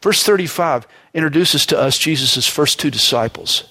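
A man preaching a sermon with a somewhat high-pitched voice. He talks in an easy, conversational way, often slipping in "you know". He pushes his voice up to stress key points and lets it sink low and slow on solemn moments. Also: sharp tone.

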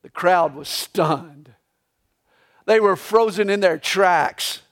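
A pastor preaching a live Sunday sermon in a church, telling the story dramatically and swinging between hushed and loud passages. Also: male voice, high voice, slow. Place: church sanctuary during a live Sunday service.

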